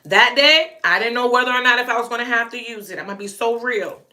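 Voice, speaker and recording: Blunt, bright-voiced woman vlogger. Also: a little high, quick pace. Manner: blunt and emphatic, with stuttered repeats. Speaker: vlogger telling a personal story. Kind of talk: casual storytelling to camera.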